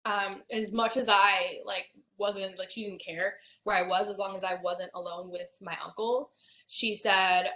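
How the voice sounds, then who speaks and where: A young woman telling a painful personal story in a halting way, with many fillers and restarts. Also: medium pitch, steady tone, sharp tone. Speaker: hypnosis client. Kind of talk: emotional personal account. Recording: roomy echo.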